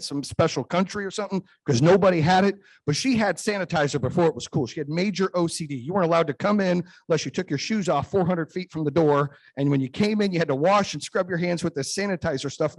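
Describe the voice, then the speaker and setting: A man in his forties, a podcast host, talking through a motivational monologue and acting out the people he quotes. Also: fairly high pitch. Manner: emphatic storytelling, acts out quoted voices.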